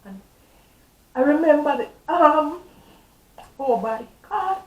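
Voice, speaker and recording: A woman's voice: high voice, animated, takes it slowly, long pauses, muffled recording. A middle-aged woman, a guest on a talk show telling her testimony with fervent, emotional storytelling. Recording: roomy echo, distant mic, faint ambience.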